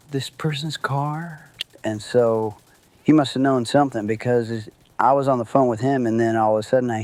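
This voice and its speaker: A man's voice: fairly low pitch, a little mellow. Man casually telling a true story. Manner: loose and conversational, many fillers, swears, acts out quotes.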